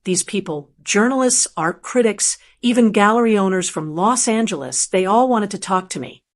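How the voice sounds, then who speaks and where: A woman narrates a scripted first-person story in a gentle, earnest way. Her voice sits at a medium pitch. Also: animated, normal speed.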